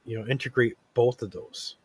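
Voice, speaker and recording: A man's voice: medium pitch, fairly even intonation, moderate pace, a little mellow, slightly rough. A man hosting a casual talk show, earnest and rambling, with lots of fillers and restarts. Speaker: podcast host. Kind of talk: casual chat.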